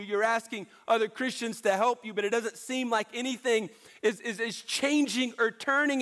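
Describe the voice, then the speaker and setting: A man preaching a sermon in an earnest, pleading way, repeating key phrases to drive them home. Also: high voice. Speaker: pastor.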